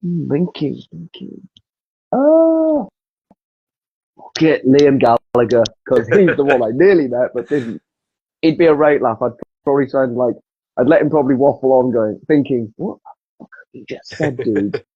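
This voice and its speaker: Laid-back man, husky and dull-sounding. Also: mid-range voice, animated, unhurried, mellow, dry recording. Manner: storytelling, swears freely. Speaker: guest. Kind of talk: casual podcast chat.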